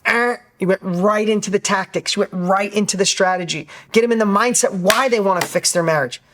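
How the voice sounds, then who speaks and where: A man's voice: high-pitched, a little fast, background noise. A man in his fifties giving a motivational talk as a business coach, emphatic and repetitive, acting out quotes as he goes. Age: 50s.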